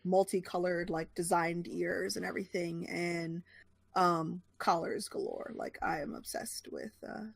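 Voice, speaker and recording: Gravelly-voiced chatty woman from New York. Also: on the low side, fairly even intonation, unhurried, dry recording. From New York suburbs. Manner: chatty, lots of fillers and laughs. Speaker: guest streamer. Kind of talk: casual chat.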